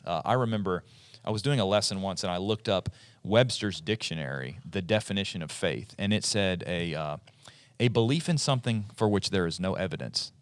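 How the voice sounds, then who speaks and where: A man in his forties with a lowish voice hosts a relaxed podcast talk, and he explains things in a chatty way. The recording is close and dry, with no room sound. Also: no echo. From eastern United States. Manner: chatty, explanatory, with frequent restarts. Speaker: podcast host. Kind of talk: casual podcast discussion.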